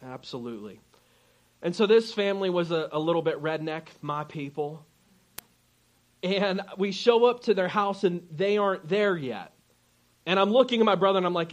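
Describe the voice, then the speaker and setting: A man's voice: high-pitched, normal speed. A man preaching a sermon as pastor, telling a personal story and acting out the people in it. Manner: animated storyteller, acts out quoted people.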